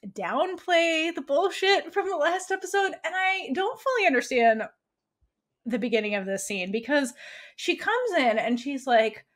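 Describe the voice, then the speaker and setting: A woman co-hosting a casual recap podcast, animated and acting out characters' lines with frequent laughter. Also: sits high, unhurried. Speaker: podcast co-host.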